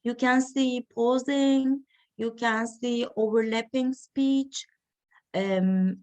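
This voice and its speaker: A woman giving an academic reading session, talking slowly and haltingly with many fillers. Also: on the high side, fairly even intonation, darkish tone. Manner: slow, halting delivery with frequent fillers. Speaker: lecturer.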